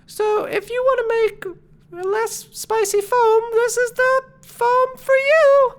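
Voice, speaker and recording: A game master voicing Flea, a meek little male creature who loves mild things, in a very high, halting voice. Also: flat delivery. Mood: flustered. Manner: squeaky, halting, stammering sales pitch.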